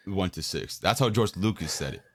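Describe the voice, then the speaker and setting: A man's voice: low voice, lively intonation, a little fast. A young man co-hosting a casual podcast chat, laid-back and jokey, steering the conversation. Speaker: podcast co-host.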